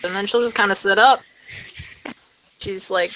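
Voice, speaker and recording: A woman's voice: medium pitch, fairly even intonation, moderate pace, bright, forceful tone, a little hiss or hum, rough recording. A woman playing a tabletop game, narrating casually with many fillers. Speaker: tabletop player. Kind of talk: casual tabletop role-play.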